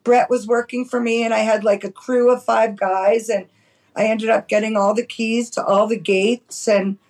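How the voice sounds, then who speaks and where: A middle-aged woman from New York City, a cannabis farmer telling stories in a chatty, animated way as a podcast guest. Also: on the high side, moderate pace, rough recording. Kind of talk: casual storytelling.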